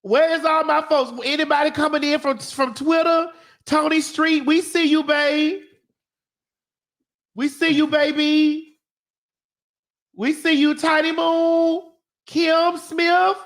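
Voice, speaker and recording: A woman's voice: sits high, level tone, slow pace, long pauses. A woman hosting a live morning show, calling out viewers' names in a sing-song, playful way, full of "honey" and "baby". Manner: frank, profane and laughing. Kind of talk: live-stream chat, greeting viewers.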